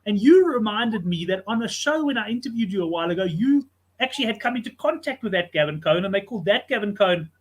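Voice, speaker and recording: A man hosting a sports betting show, chatting casually and telling stories in an animated way. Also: high-pitched, fast. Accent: South African English.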